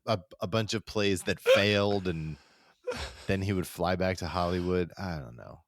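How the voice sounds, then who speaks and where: A man's voice: deep voice, moderate pace, no room sound, studio quality. A man co-hosting a podcast, casually recapping an old comedy episode step by step in an easygoing way and laughing along. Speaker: podcast co-host.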